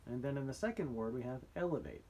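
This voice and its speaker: A man teaching a spelling lesson to his students, explaining slowly with frequent ums and restarts. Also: mid-range voice, expressive, warm tone, a little hiss or hum.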